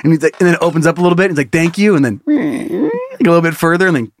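A man's voice: on the high side, rapid-fire, a little hiss or hum. A man co-hosting a comedy podcast, joking and acting out bits in silly voices in casual chat. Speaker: podcast co-host.

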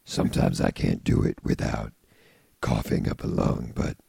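A man putting on a deep, gravelly voice full of vocal fry to recite a comic rhyme slowly. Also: dark tone, no echo, clean studio sound, full character voice. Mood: playful. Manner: slow, rumbling, husky delivery.

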